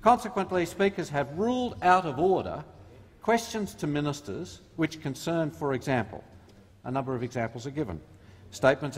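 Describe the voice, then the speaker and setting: An Australian man, a government minister, giving a combative, mocking parliamentary debate speech and reading rules aloud. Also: medium pitch. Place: parliament chamber. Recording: reverberant parliament chamber.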